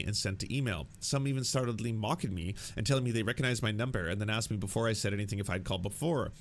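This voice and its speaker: A young man with a fairly low voice rants through his commentary, sarcastic and exasperated and quick to swear. A faint hum of room noise sits underneath. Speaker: political commentary host. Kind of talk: ranting video commentary.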